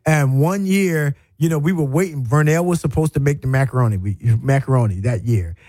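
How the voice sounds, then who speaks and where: Man, middle-aged, radio host, folksy storyteller, fairly high voice, dry studio sound. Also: a little fast, no echo. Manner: animated, emphatic, folksy, repeats phrases. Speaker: radio talk show host. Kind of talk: storytelling monologue.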